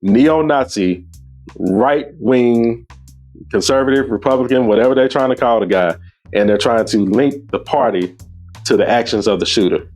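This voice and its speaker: A male host talks over a clip in a mid-pitched voice, emphatic and scornful, and his pitch climbs when he is indignant. Faint music runs underneath his commentary. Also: moderate pace, a little mellow.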